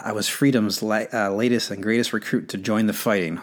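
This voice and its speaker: Author in his thirties, male, somewhat low voice, self-narrated audiobook, casual asides between passages. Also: moderate pace, pauses often. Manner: relaxed, with chatty asides and self-corrections. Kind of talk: informal audiobook reading.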